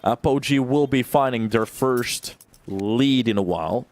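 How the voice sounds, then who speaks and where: A young man giving live play-by-play commentary on an esports match, swinging from calm analysis to loud bursts of excitement. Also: measured pace. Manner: calm analysis that jumps to loud, high-pitched excitement on big plays. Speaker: esports caster.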